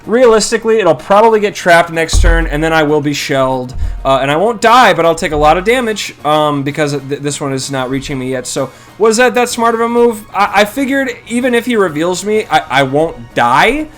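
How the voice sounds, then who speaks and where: A man's voice: on the high side, lively intonation, brisk, few pauses, fairly bright tone, faint music behind. A man casually commentating his own strategy game, thinking aloud and criticizing his own moves. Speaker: gameplay commentator.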